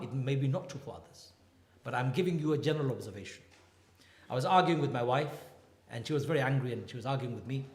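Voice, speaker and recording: A man in his fifties lectures with a lively, swooping voice that sits a little high for a man. He tells jokes and stories with animated energy. The sound rings around an echoey hall. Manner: animated, joking storyteller. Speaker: imam and marriage counselor. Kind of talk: humorous lecture.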